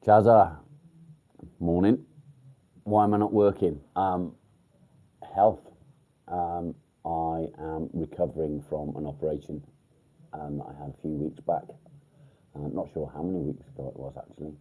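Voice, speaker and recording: Low-voiced sweary English man chatting live. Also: flat delivery, a little slow, pauses often, warm tone. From England. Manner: blunt, sweary, with many ums. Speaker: livestream host. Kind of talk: casual live chat with viewers. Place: outdoors by a field.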